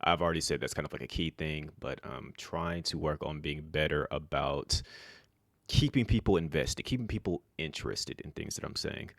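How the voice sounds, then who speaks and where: A man talking casually to camera as a vlogger, in a flat, monotone, rambling way. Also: extremely low pitch, moderate pace, vocal fry, dry recording, studio quality. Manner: self-described monotone, relaxed and rambling with fillers.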